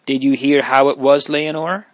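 A man's voice: medium pitch, flat delivery, normal speed, no room sound, pitched above the performer's own voice, lightly acted. A man reading a hot-tempered boy. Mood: grave. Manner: impetuous, warm. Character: impetuous teenage boy, loyal and quick-tempered.

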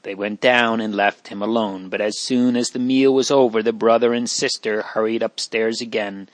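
A man reading a classic children's novel aloud in a measured, gentle storytelling manner. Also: fairly low pitch, fairly even intonation, no echo. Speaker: narrator.

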